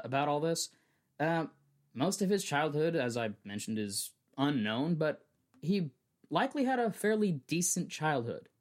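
Lively young man telling a story. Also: on the high side. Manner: chatty, restarts often, laughs along. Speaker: podcast host. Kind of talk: casual podcast storytelling.

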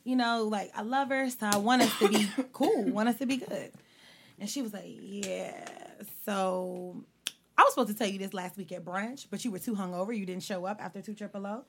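A young adult woman co-hosting a podcast, telling personal stories in an animated, laughing way with free swearing. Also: mid-range voice, brisk, a little hiss or hum. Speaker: podcast co-host. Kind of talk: casual storytelling chat.

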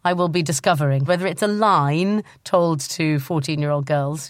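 A woman's voice: sits low, moderate pace, hardly any pauses, no echo, clean studio sound. A woman in her forties hosting a podcast, talking things through thoughtfully and asking follow-up questions. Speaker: podcast host. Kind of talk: podcast interview.

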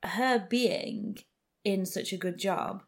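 A woman's voice: mid-range voice, takes it slowly, vocal fry. A woman co-hosting a podcast, chatting casually and explaining her points with lots of "like" fillers. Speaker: podcast co-host. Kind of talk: casual chat.

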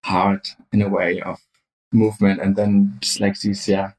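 A man's voice: on the low side, little pitch movement, unhurried, a little mellow, poor audio. A man from Germany with a German accent, speaking English as a second language and telling his story casually, searching for words as he goes. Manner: hesitant, searching for words, many fillers.

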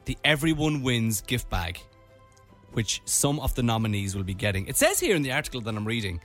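A man from Ireland co-hosts a casual radio chat, reading things aloud and riffing on them playfully. His voice is bright, and his pitch sits a little high and moves a lot. Faint music plays underneath. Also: sing-song, a little fast. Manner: playful, reading out items with commentary. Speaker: radio host.

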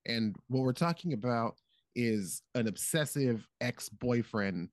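A man's voice: mid-range voice, unhurried, dry recording. A man in casual podcast chat, swearing freely and jumping into funny voices to act out scenes. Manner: profane, animated, acts out characters in funny voices.

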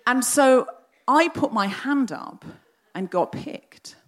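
Animated woman telling a comic stage story. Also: high-pitched, slow pace, slight background noise. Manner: lively, animated, acts out the other voices in her story. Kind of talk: comic storytelling before a live audience. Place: large theatre before a live audience.

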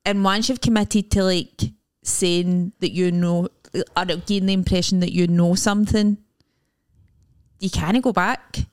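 A woman's voice: fairly low pitch, fairly even intonation, measured pace, a little mellow. A young Scottish woman co-hosting a casual podcast, rambling and acting out little bits of dialogue. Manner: rambling, acts out quoted dialogue. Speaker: podcast co-host. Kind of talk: casual chat.

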